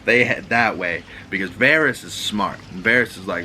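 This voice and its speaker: Casting: Boston-accented man, lower voice, bright forceful edge, rambling profane podcast host. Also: normal speed, few pauses, a little hiss or hum, rough recording. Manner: loose, profane, rambling storyteller. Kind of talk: casual recap chat. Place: home room with water running next door.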